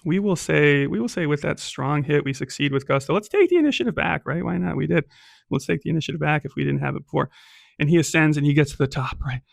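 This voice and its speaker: A man's voice: on the high side, expressive, quick pace, gravelly, dry recording, clean studio sound. A man narrating a solo tabletop game as game master, casual and chatty, peppering his telling with "right?" and "um".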